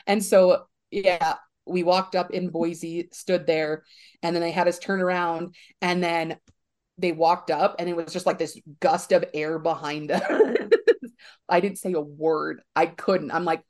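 A woman sharing a fan story in casual chat, animated and often laughing as she acts out what people said. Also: fairly low pitch, measured pace.

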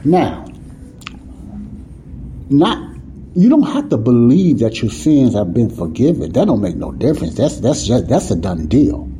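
A man preaches with a very dark, mellow voice, loose and conversational. He keeps checking in with his listeners and repeats his points. A faint hum sits behind him. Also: mid-range voice, very animated, a little slow, pauses often, low-quality recording. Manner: repetitive, keeps asking "you see what I'm saying?"; conversational, folksy grammar. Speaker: Bible teacher. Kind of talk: informal sermon teaching.

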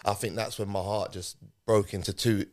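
A man's voice: fairly low pitch, normal speed. A man, a podcast guest telling a personal story in conversation, animatedly acting out what people said. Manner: animated retelling, acting out quoted speech.

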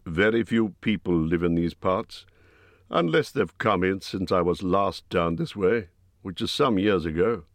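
A man's voice: fairly low pitch, dry recording. A man voicing an old male wizard who is stern, testy and lecturing. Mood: grave.

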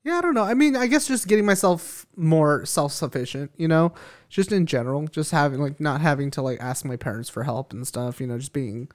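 Young dude on a podcast, kinda high voice, super chill, swears a bunch. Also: male voice, fairly quick, hardly any pauses. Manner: laid-back, swears freely, says dude and like a lot. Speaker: podcast guest. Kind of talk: casual chat.

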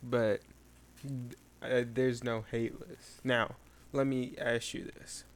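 A young man with a gravelly, creaky voice chatting casually. He sounds laid-back and teasing, and laughs easily. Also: medium pitch, little pitch movement, takes it slowly. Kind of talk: casual chat.

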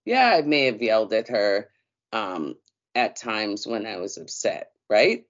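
A woman co-hosting a casual podcast, telling a story in an animated way with slang and lots of fillers. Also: very deep voice, measured pace. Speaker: co-host. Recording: dull lo-fi sound.

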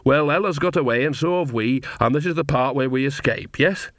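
A man's voice: mid-range voice, brisk, fairly bright tone, dry recording, clean studio sound, lightly acted. A man voicing a cheerful, earthy old witch woman who chats and teases. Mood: wry. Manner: bawdy, chatty and teasing.

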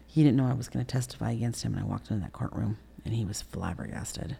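A woman's voice: rumbling low, quick pace, gravelly, warm tone, slight background noise. A woman in her sixties, an interview guest telling her life story bluntly and profanely. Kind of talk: candid storytelling in a podcast interview.

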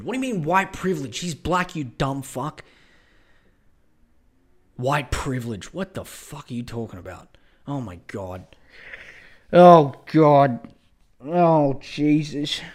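A man hosting a podcast who rants with profane, excitable energy, often slipping into exasperation. His voice sits a bit high for a man. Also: a little slow. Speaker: podcast host. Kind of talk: casual ranting podcast talk.

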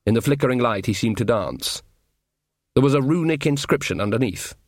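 A man's voice: medium pitch, expressive, fairly quick, dry recording. A man reading a comic fantasy novel aloud, telling it with dry, wry humour. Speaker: audiobook reader.

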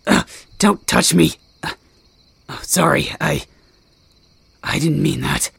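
A man doing a gruff angry werewolf. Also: on the high side, expressive, takes it slowly, fairly bright tone, no room sound, heavily acted. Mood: bitter. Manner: brash, curses, snaps at people. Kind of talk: fan audio drama.

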